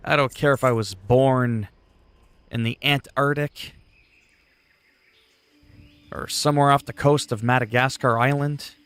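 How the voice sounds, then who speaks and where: A man's voice: mid-range voice, fairly even intonation, unhurried, long pauses, a bit bright, clean tone, dry recording. Blunt man streaming. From Canada. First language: French. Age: 40s. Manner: blunt, profane, joking. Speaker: livestreaming gamer. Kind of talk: casual livestream chat.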